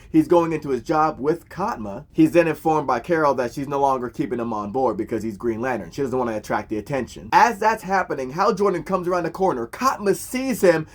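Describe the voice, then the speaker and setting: A man narrating comic book history in a loose, profane, slang-filled storytelling manner. His voice sits a little higher than most men's. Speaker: host.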